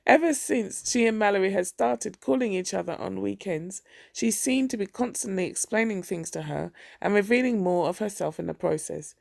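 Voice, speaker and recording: A woman reading a novel aloud as an audiobook narrator in a steady, even way. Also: mid-range voice, moderate pace, gravelly, no room sound, clean studio sound. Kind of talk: scripted narration.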